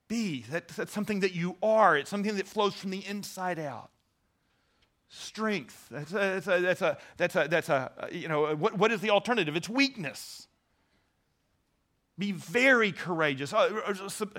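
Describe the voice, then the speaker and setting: A man's voice: sits high, bright, forceful tone. A man preaching a sermon, earnest, stressing key words and often restarting his sentences. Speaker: pastor.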